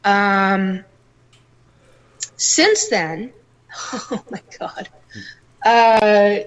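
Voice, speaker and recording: A middle-aged woman, a psychic guest, telling her stories in a casual and animated way and acting out the voices in them. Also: medium pitch, drawn-out words, rough recording. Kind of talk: casual storytelling interview.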